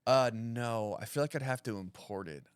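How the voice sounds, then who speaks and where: A man talking in a relaxed, rambling way, full of self-deprecating, deadpan asides and leaning heavily on "like" as a filler. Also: mid-range voice, moderate pace, smooth, no echo, studio quality. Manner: heavy use of "like" fillers. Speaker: stand-up comedian guest. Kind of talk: casual podcast chat.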